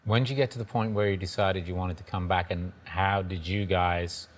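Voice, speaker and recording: A man's voice: low voice, steady tone, normal speed. An American man hosting an interview, asking probing follow-up questions.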